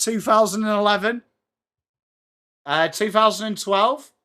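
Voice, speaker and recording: A man's voice: high voice, a little slow, bright, forceful tone. A young English man hosting a live sports watchalong, chatting to his viewers in a self-mocking way and reading trivia aloud. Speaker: livestream host.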